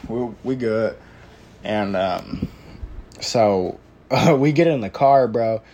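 Young man, casual storyteller, slangy and profane, rambling delivery, mid-pitched voice. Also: a little mellow. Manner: slangy, profane, says "bro" constantly; rambling with filler and restarts.

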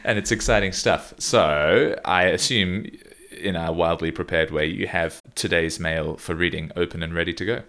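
A young man with a very deep, low voice hosts a casual podcast chat. He teases his co-host and breaks into laughter often. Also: moderate pace, hardly any pauses, a bit bright. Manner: laughs often, playful and teasing.

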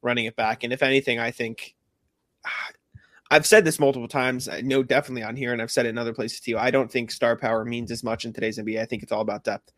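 A man's voice: mid-range voice, flat delivery, fast, fairly bright tone, no echo, studio quality. A man co-hosting a casual sports podcast, chatty and often laughing. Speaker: podcast co-host.

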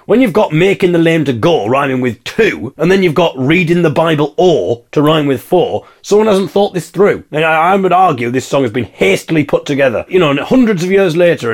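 Animated, wry English man on a comic rant. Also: a little high. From England. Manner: wry, animated, mock-indignant, sings snatches of carols. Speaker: podcast host. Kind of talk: comic monologue.

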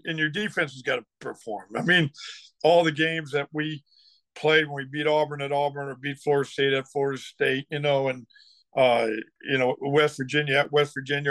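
Older ex-football coach as a guest, rambling and animated, voice pitched a bit high, very dry sound. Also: male voice, vocal fry, dry recording. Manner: rambling, restarts often, gets fired up telling stories. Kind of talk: casual interview talk.

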